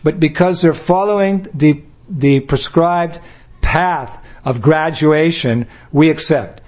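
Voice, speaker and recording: Slow and a little mellow, this slightly high male voice belongs to an older spiritual teacher from the United States. His devotional talk is playful, full of small acted-out scenes and his own laughter.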